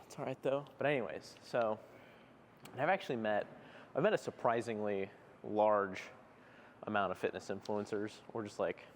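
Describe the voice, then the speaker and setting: A man's voice: fairly low pitch, moderate pace, a little hiss or hum. A young man chatting casually in a rambling, laid-back way, with lots of fillers, while working out in a gym. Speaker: fitness vlogger. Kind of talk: casual gym vlog chat. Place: gym, indoors.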